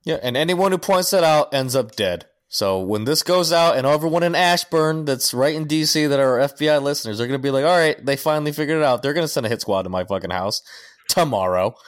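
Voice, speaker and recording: A man's voice: medium pitch, expressive, brisk, dry recording. A man co-hosting a podcast, ranting in casual chat and swearing constantly. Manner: profane, ranting. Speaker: podcast co-host.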